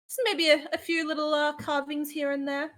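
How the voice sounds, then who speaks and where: A woman's voice: high voice, little pitch movement, moderate pace, fairly bright tone. Woman playing a polite elf rogue. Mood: wistful. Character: young male elf rogue, polite and businesslike.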